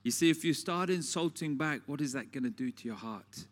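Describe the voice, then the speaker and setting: A man delivers a sermon at a middle pitch, telling everyday stories in a relaxed, conversational way. He often turns to his listeners with rhetorical questions. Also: a little fast. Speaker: preacher.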